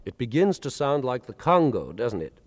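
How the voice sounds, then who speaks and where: A man lectures with a lively, rising-and-falling delivery, explaining ideas and counting beats out loud with emphatic accents. His mid-pitched voice rings with a long hall reverb. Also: moderate pace, music in the background. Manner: articulate, counts beats aloud with strong accents. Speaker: lecturer presenting with a band. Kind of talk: explanatory lecture with spoken demonstrations.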